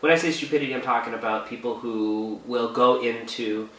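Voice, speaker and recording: A young man from Canada co-hosting a casual talk show, chatting in an animated, playful way. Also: medium pitch, brisk. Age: young adult. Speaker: podcast co-host. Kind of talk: casual chat. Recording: echoey room, mic at a distance.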